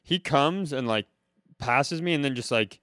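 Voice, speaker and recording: A man's voice: mid-range voice, a little slow, a bit bright, no echo, clean studio sound. A man with an Upper Midwest American accent co-hosting a comedy podcast, rambling through a story in casual chat and acting out other people's lines. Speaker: podcast co-host.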